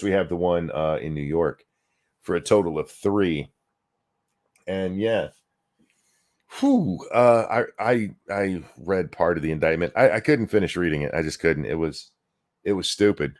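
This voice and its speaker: Sarcastic guy hosting a live political stream, lowish voice that swings all over. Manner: sarcastic, animated, thanks donors. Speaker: host of a political commentary stream.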